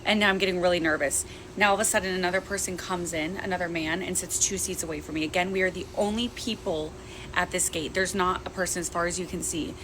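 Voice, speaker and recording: A young woman telling a frightening personal story in a tense, fast retelling that acts out the quotes. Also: fairly low pitch, steady tone, noisy background. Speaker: guest. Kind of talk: casual storytelling.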